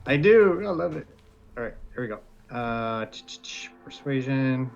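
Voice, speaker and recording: Relaxed male player on a dull mic. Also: mid-range voice, moderate pace, gravelly, faint music behind. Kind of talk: tabletop game play.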